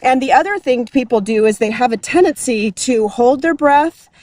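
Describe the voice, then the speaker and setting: Hiking outdoors, a woman hosts a relaxed health talk at a moderate pace. Her voice is fairly high and darkish in tone, and she explains cheerfully, quick to laugh.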